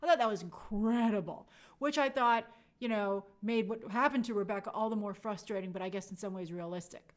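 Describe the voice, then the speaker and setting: Lively young woman chatting casually. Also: mid-range voice, brisk. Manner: animated, acts out quotes in playful voices. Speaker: show host reading viewer comments. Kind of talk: casual live chat review.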